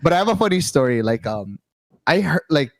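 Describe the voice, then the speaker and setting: A man's voice: fairly high pitch, big pitch swings, a little fast, a little hiss or hum. A man co-hosting a casual podcast, telling stories in a rambling, stop-start way and laughing often. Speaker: podcast co-host.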